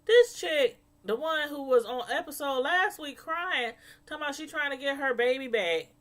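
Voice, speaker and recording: A woman reviews a reality TV episode in a casual, gossipy way, telling the story with lots of animation. Her voice sits a little on the high side. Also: normal speed. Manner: animated, gossipy, laughing asides.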